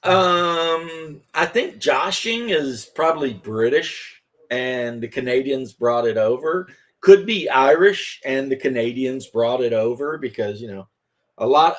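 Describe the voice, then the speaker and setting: A man in his fifties from Kentucky drawls through a loose, rambling story in a casual chat. He takes his time, with unhurried pacing and a mid-range voice. He sounds like he's chatting over a hobby table. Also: mid-range voice. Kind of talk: casual chat while crafting.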